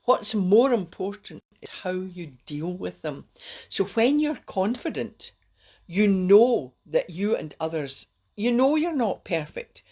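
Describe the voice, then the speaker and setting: A woman's voice: medium pitch, very animated, slow, warm tone. A middle-aged woman, hosting a rambling, encouraging self-help talk on a live stream. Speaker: host.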